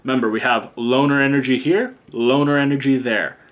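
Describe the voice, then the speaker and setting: A man's voice: medium pitch, fairly even intonation, brisk. A man giving a casual pick-a-card tarot reading, blunt and chatty, swearing freely and drifting into rants. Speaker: tarot reader and teacher.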